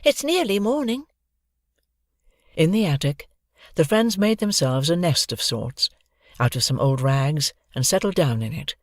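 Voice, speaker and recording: Expressive children's audiobook narrator. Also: mid-range voice, normal speed, dry recording, studio quality. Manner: lively, expressive storytelling. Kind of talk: scripted narration of a children's novel.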